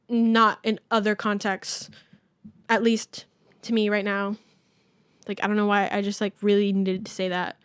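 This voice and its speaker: A woman's voice: medium pitch, level tone, unhurried, smooth, dry recording, studio quality. A young woman hosting her own casual podcast, rambling, self-deprecating and swearing freely. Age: young adult. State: out of breath. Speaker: podcast host. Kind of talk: casual solo podcast chat. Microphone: camera mic.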